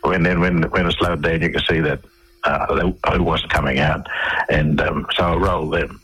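A man's voice: extremely low pitch, steady tone, normal speed, fairly bright tone, slightly rough, low-quality recording. A man telling long, rambling anecdotes as a guest in a radio interview, often restarting his sentences.

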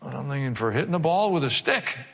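A man's voice: mid-range voice, sing-song, fast, vocal fry, a bit bright, husky. A male pastor preaching a sermon, mixing wry jokes with dramatic emphasis. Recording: long hall reverb.

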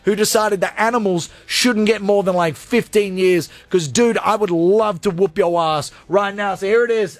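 A man hosting a call-in radio segment, ranting with energy and then talking softly and from the heart. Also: high voice, moderate pace, few pauses, slight background noise. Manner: energetic, rants loudly, then goes soft and heartfelt. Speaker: radio host.

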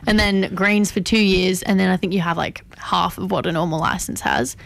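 A young Australian woman co-hosting a casual chat, chatty and quick to react. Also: lowish voice, fairly even intonation, gravelly, no room sound.

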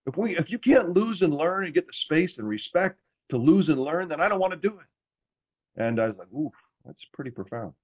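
A man telling stories in casual chat, animated and self-deprecating, acting out quotes. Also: sits high, normal speed, husky, dull audio. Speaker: podcast host, former NFL quarterback.

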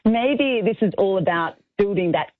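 A woman's voice: mid-range voice, expressive, moderate pace, no echo. A woman from Australia, an author being interviewed on the radio, talking in an earnest, encouraging way in short phrases. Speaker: author guest. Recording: phone line.

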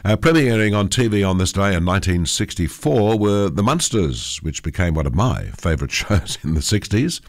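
A man's voice: deep voice, big pitch swings, normal speed, few pauses, dry recording, clean studio sound. An older man hosting a radio show in a chatty way with frequent fillers, his voice nasal from a head cold. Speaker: radio host. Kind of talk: radio announcing.

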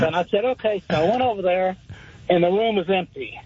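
A man's voice: sits high, a little fast. A man in his seventies from Atlanta, calling in to a radio show and telling a rambling anecdote, acting out the people in it. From Atlanta, Georgia, USA. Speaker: caller. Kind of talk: phone-in storytelling. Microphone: telephone. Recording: muffled phone line.

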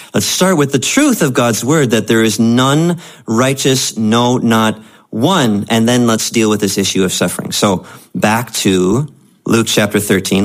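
Male pastor, sermon delivery, conversational and emphatic, very animated pitch. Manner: conversational preaching, rising to emphatic.

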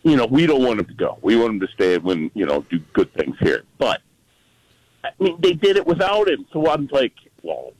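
A man's voice: mid-range voice, huge pitch swings, brisk, darkish tone, dry recording, low-quality recording. A man calling into a sports radio show, rambling and correcting himself as he goes. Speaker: caller. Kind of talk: call-in phone chat.

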